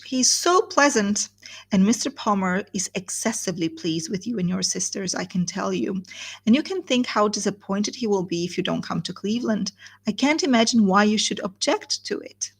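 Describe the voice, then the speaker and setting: A woman's voice: mid-range voice, expressive, normal speed, husky. A woman reading aloud and voicing a cheerful, silly young wife who talks with bubbly enthusiasm. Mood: gushing.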